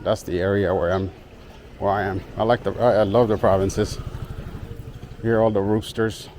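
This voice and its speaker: A man's voice: fairly low pitch, flat delivery, normal speed, a little mellow, a little hiss or hum. A man vlogging casually on a rural trail, out of breath from the climb, easygoing and chuckling, recorded on a handheld camera. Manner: easygoing, chuckles often, greets locals. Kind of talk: casual travel vlog.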